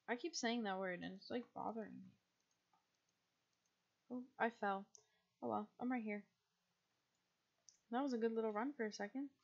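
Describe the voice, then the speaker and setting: A woman's voice: a little high, gravelly. A teenage girl streaming a game late at night, chatting casually in a tired, rambling, self-deprecating way. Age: teens. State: sleepy, yawning. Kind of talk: casual gaming stream chat. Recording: slightly muffled stream mic.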